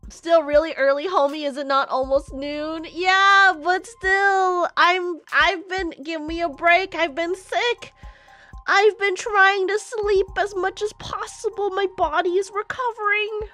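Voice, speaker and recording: A woman streamer chatting casually and excitably with her viewers, often laughing at herself. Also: very high-pitched, measured pace, soft background music. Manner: giggly, excitable, self-deprecating. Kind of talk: casual chat with livestream viewers.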